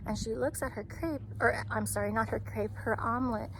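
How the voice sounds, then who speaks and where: A woman's voice: on the high side, fairly quick, background noise. A woman who works as a restaurant server, chatting candidly through a storytime vlog outdoors in the shade. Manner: chatty, candid retelling with fillers. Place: outdoors, sitting in the shade on a hot day.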